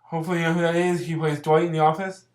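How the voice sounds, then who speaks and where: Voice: mid-range voice, flat delivery, very fast, echoey room. A casual vlogger rambling through a film plot recap with lots of fillers and giggles. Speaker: vlogger reviewing films.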